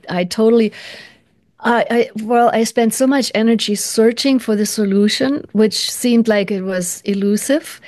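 A woman's voice: mid-range voice, darkish tone. Earnest woman guest, reflective and searching, often restarts. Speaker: interview guest, practitioner. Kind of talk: reflective interview talk.

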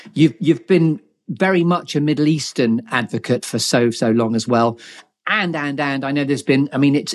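A middle-aged man hosting a live online interview, animated and playful with his wording. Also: mid-range voice. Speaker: host.

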